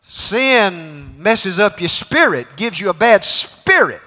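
A man preaching a sermon as guest preacher in a church, folksy and joke-telling, swinging between loud and quiet. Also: sits high, sing-song, a little slow, hardly any pauses. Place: church sanctuary. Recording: reverberant church hall.

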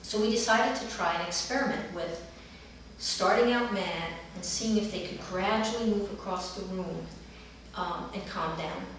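A middle-aged woman, a dance movement therapist, calmly telling the story of a session with children. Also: medium pitch, normal speed, slight background noise. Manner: calm, gentle storytelling, livelier when acting out children. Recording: roomy echo, heard from a distance.

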